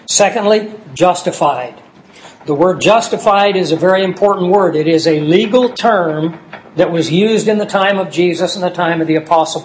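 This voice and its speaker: High-voiced man preaching a sermon. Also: a little hiss or hum, rough recording. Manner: slow and emphatic on key words, citing scripture verses.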